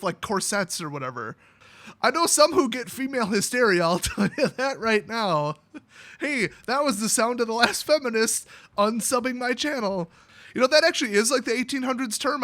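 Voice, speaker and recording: Sarcastic high-voiced man ranting. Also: sharp tone. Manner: sarcastic, blunt and opinionated. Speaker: YouTube host. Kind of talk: ranting monologue.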